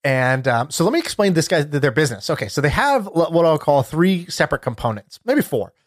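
A man chatting on a podcast with a somewhat high-pitched voice, telling a story with lots of fillers and energy. The sound is dry and close to the mic. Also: a little fast, no room sound. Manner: animated storyteller, many fillers, laughs while telling. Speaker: podcast co-host. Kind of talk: casual chat.

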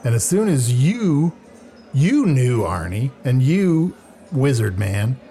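A man's voice: mid-range voice, very animated, takes it slowly, mellow. A man improvising a character in a role-play, scheming and exasperated. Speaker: player.

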